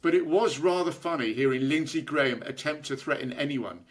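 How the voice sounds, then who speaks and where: A man's voice: a little high, fairly quick. A British man co-hosting a podcast, speaking in a dry, wry way and chuckling as he talks. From United Kingdom. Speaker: podcast co-host. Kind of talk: casual political comedy chat.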